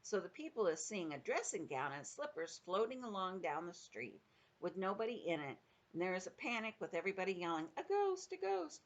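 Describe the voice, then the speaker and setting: An older woman, a grandmother, reading a children's book aloud with expressive storytelling, dipping into the characters' voices. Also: lowish voice, fairly quick.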